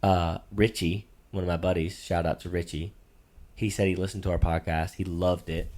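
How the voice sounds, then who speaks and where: Middle-aged father co-host, very low voice, ribbing and bossy in casual banter. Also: level tone, normal speed, darkish tone. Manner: teasing, playfully bossy. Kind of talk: casual sports-picks chat.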